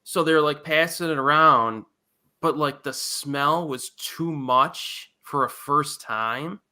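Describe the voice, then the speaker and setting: A man's voice: fairly high pitch, slow pace, sharp tone. A man in a casual chat, telling a laid-back story from his school days and laughing easily. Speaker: podcast co-host.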